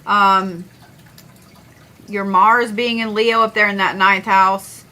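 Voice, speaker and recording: Grumbling bright-voiced woman streamer. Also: mid-range voice, level tone, slow pace, rough recording. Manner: grumbling, profane, drifts between loud and mumbled. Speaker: astrology streamer. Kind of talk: casual livestream chat.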